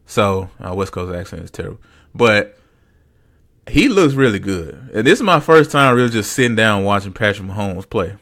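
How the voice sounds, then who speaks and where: A man's voice: lowish voice, animated, moderate pace, a bit bright. A man hosting a podcast, talking sports in a casual, rambling way with lots of fillers and repeated phrases. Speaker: podcast host.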